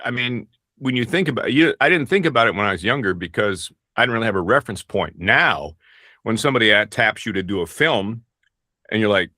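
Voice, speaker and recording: A man's voice: fairly low pitch, animated, brisk, pushed and bright, dry recording, clean studio sound. A middle-aged man, a voice actor, talking casually in an interview, rambling and self-deprecating with many restarts. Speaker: voice actor guest.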